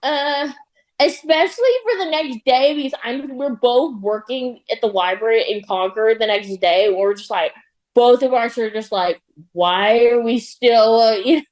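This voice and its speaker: A young woman with a high voice, chatting casually as a guest on a talk show. She rambles with lots of "like" and laughs often as she talks. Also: measured pace, darkish tone. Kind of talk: casual chat.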